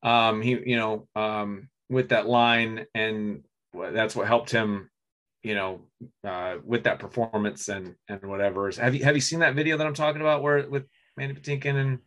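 A man co-hosting a casual movie podcast, rambling with many restarts and frequent throat clearing. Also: on the low side, level tone, normal speed, fairly bright tone. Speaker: podcast co-host. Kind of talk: casual chat about movies.

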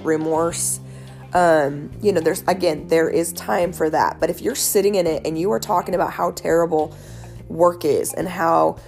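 A woman giving casual wellness advice in an earnest, animated, chatty way, with many fillers. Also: lowish voice. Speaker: wellness speaker.

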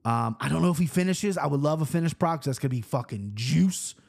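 Animated profane male picks-show host. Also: fairly high pitch, fast, creaky, husky. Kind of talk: casual betting chat.

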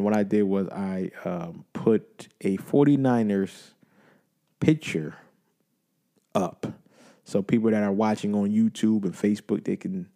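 Male podcast host, casual sports talk, animated and playful, average pitch. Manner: animated, hype, playful banter.

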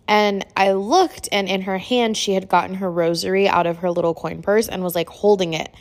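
A middle-aged woman hosting a podcast, casually telling a personal story, chatty and full of "like," getting animated when she quotes people. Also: mid-range voice, moderate pace. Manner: chatty, filler-heavy, uses "like" often. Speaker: podcast host.

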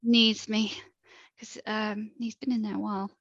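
A woman co-hosting a podcast, giving relaxed advice in casual chat, often trailing off quietly. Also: medium pitch, moderate pace, dry recording. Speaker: podcast co-host, dog owner. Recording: dull, dry, lo-fi sound.

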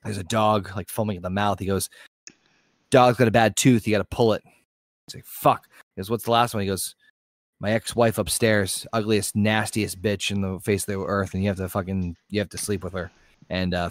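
A man's voice: low-pitched, little pitch movement, brisk, dry recording, clean studio sound. A man co-hosting a casual podcast, telling a long joke and acting out the bar talk with loose, swearing delivery. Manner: rambling storyteller, acts out bar dialogue. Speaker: podcast co-host.

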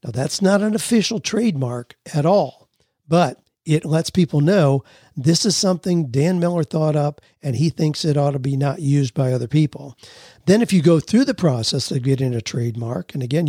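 A male radio host with a slightly high, husky voice, chatting in a folksy, easygoing way. The sound is dry and close, with no room around it. He walks through ideas with homely examples and reads listener letters. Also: warm tone, dry recording. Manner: folksy, explains with everyday examples. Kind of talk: conversational radio advice talk.

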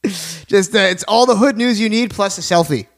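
A man hosting a casual radio talk show, joking around and plugging sponsors. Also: high voice. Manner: jokey, plugs sponsors, fast asides.

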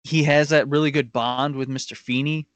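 A man co-hosting a casual podcast, agreeable and relaxed, laughing as he talks. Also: fairly high pitch, normal speed, no echo. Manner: easygoing, agreeable, laughs while talking. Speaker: podcast co-host. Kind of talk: casual chat.

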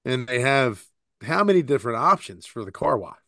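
A man's voice: mid-range voice, sing-song, a little fast, bright, forceful tone, no room sound, clean studio sound. A man in his forties co-hosting a podcast, telling stories in a rambling, laughing, profane way. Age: 40s. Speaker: podcast co-host. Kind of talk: casual chat.

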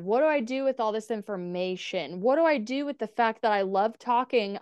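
A woman's voice: a little high, darkish tone, no room sound. Candid swearing woman telling stories. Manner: candid, swears freely, quotes herself and others in dialogue. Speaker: podcast guest. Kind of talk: casual storytelling interview.

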